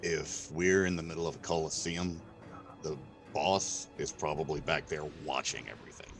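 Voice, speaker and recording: A man playing a tabletop game online, thinking aloud in a measured way. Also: extremely low pitch, fairly even intonation, creaky, fairly bright tone, soft background music. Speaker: player. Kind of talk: casual tabletop game chat.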